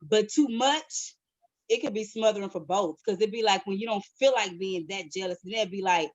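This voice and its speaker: A woman co-hosting a podcast in casual chat, blunt and profane, telling stories with animated quoted voices. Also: medium pitch, moderate pace, no echo. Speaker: podcast co-host.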